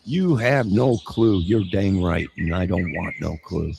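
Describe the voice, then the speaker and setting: A man's voice: deep voice, unhurried, gravelly, darkish tone, slight background noise. A man hosting a livestream, reading chat aloud and rambling in a crude, sarcastic way.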